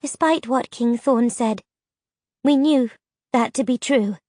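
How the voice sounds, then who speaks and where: A woman's voice: a little high, takes it slowly, darkish tone, dry recording, clean studio sound, voice pushed up. A woman voicing an anxious female creature, a mother who speaks in an earnest, trembling, formal way, in a fantasy audiobook. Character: anxious grass-covered creature mother, fearful.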